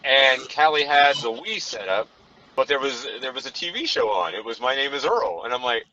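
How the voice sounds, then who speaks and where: In a relaxed film podcast recorded in a moving car, the male co-host rambles and keeps reaching for "you know." He has a mid-range voice with lively intonation, a fairly quick pace, and a sharp tone. The sound is dull and lo-fi, with faint background noise.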